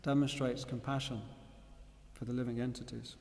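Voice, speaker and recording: A man's voice: mid-range voice, level tone, normal speed, creaky, a little mellow, long reverb tail. A man giving a devotional scripture class, telling stories and putting questions to his listeners. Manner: storytelling, asks the audience questions.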